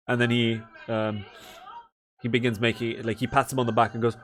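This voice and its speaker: A man's voice: mid-range voice, little pitch movement, a little fast, fairly bright tone. Brief: a casual, rambling game master, a man narrating a fantasy session. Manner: casual, rambling with many fillers.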